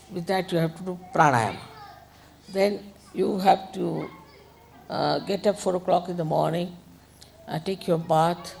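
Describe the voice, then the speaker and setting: A woman's voice: low voice, gravelly, darkish tone, slight background noise. An older woman giving an informal spiritual talk, conversational and admonishing, with frequent asides. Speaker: spiritual teacher.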